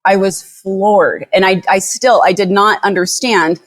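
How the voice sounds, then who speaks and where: A woman who runs a dog rescue, telling a story as a podcast guest in an animated, blunt way, swearing freely. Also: mid-range voice, a little slow.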